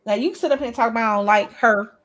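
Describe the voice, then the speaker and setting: A woman's voice: a little high, very fast, fairly bright tone. A woman co-hosting a casual chat show, blunt and outspoken, swearing freely and repeating her points for emphasis. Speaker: co-host of a couples' YouTube channel.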